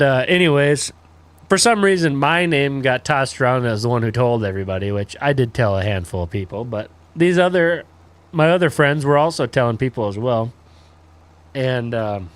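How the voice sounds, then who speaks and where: A man's voice: mid-range voice, moderate pace, dry recording. A man in his twenties, a livestreamer telling a crude story in laid-back, rambling casual chat full of fillers.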